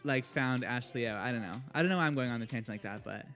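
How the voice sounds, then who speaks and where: A man's voice: mid-range voice, fast, a bit bright, soft background music. A young man co-hosting a morning radio show, chatting casually, teasing his co-host and laughing a lot.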